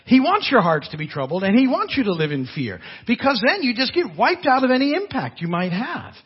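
A man preaching a sermon as a pastor, in an animated, conversational way with asides and laughter. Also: very high-pitched, fairly quick, breathy edge, lo-fi sound.

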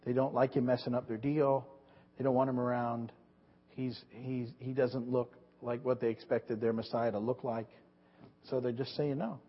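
A man's voice: medium pitch, level tone, normal speed. A man preaching a sermon in a rambling way, often restarting and repeating words as he goes. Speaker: pastor. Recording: dull lo-fi recording with long hall reverb.

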